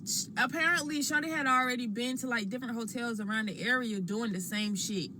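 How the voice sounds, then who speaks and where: A woman telling what happened to her in a slangy, expressive way, talking while she eats. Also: a little high, brisk, background noise. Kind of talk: animated storytelling to a phone camera.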